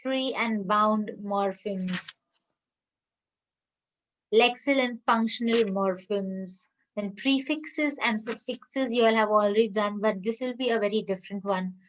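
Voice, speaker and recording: A woman college lecturer with an Indian English accent, giving an emphatic, opinionated classroom lecture and slowing down to stress key terms. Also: mid-range voice, slight background noise, low-quality recording.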